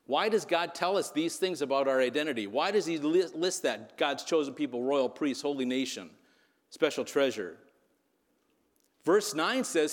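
A man's voice: on the high side, in a large hall. A man preaching a sermon in a conversational way, telling a story and checking in with "right?". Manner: conversational, frequent "right?" asides. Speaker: pastor.

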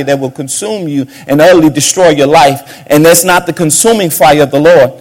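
A man preaching a sermon as a pastor, swinging between sudden shouts and hushed asides. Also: on the high side, fairly quick, few pauses.

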